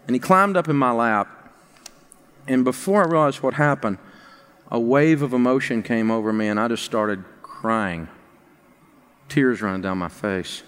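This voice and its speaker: A man's voice: medium pitch, moderate pace, long pauses, fairly bright tone, clean tone. A middle-aged male pastor giving a sermon, telling a personal story that builds into emphatic preaching. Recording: long reverb of a large hall.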